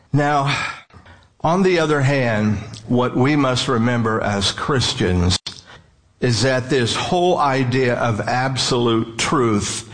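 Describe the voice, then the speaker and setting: A male preacher delivering a sermon at an unhurried pace. He sounds earnest and measured, drawing out key phrases for emphasis. His voice sits at a middle pitch for a man.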